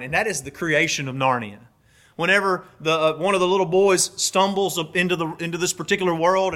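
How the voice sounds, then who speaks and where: A man preaching a sermon in an animated way, swinging between soft and loud and briefly acting out voices. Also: a little high. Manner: acts out voices in brief quotes.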